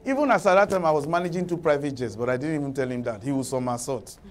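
A man's voice: on the high side, quick pace. A man preaching a sermon, telling stories and scolding his listeners with laughter in between. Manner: animated storytelling, laughing at his own points, scolding.

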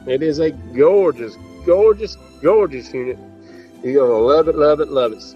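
A man's voice: on the high side, normal speed. A man running a live online auction, folksy and repetitive, hyping each item and urging bids. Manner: repetitive, folksy hype, says y'all. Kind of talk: live auction sales pitch. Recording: dull lo-fi audio with faint music.

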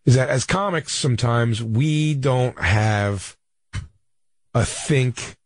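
A man's voice: mid-range voice, slow pace, no room sound. Rambling male radio co-host, dry mic. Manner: rambling, self-correcting storyteller. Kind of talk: casual radio banter.

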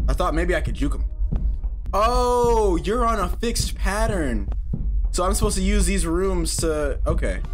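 A young man chatting casually through a horror game, joking with nervous bravado. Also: a little high. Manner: jokey, nervous bravado, shouts when startled. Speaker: gaming YouTuber. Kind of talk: casual let's-play commentary. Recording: music playing behind.

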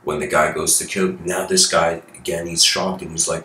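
Low-voiced male spiritual lecturer, bright forceful tone, relaxed storytelling, roomy echo. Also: moderate pace. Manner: loose, conversational storytelling with asides to listeners. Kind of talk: casual spiritual talk.

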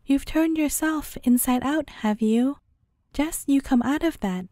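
A cunning storybook jackal who gloats over his catch, read by a woman. The voice sits high yet mellow, with a close and dry sound. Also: unhurried, dry recording. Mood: gloating. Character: cunning limping male jackal.

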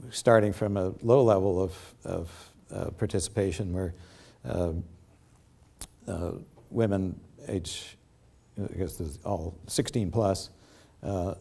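Halting older man giving a lecture. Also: fairly low pitch, gravelly, mellow. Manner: halting, many fillers and restarts. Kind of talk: academic lecture with slides. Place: lecture theatre.

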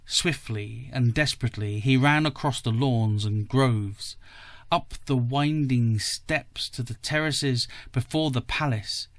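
A man reading a classic story aloud for a podcast, slowly and deliberately. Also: mid-range voice, no echo. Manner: slow, careful and deliberate. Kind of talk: audiobook-style story reading.

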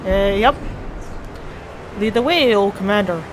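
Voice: mid-range voice, measured pace, slight background noise. A player chatting casually during a game, laughing often and teasing their partner, with game music behind. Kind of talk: casual gameplay chat.

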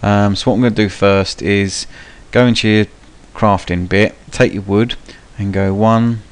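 A man's voice: fairly low pitch, steady tone, unhurried, clean tone. A young man giving casual, rambling live commentary for a gameplay tutorial, with frequent ums and cheeky swearing. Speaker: gaming channel host.

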